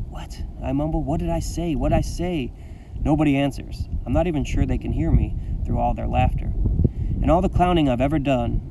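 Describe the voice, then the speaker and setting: Gravelly man reading a story aloud. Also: mid-range voice, distant mic, a little hiss or hum, rough recording. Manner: expressive, dramatic first-person reading. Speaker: teacher reading to his class.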